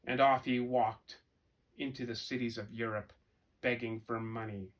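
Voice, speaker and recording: A man telling a folk tale for children and then asking his listeners gentle questions, with animated, expressive delivery. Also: medium pitch, unhurried. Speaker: storyteller. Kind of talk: storytelling for children.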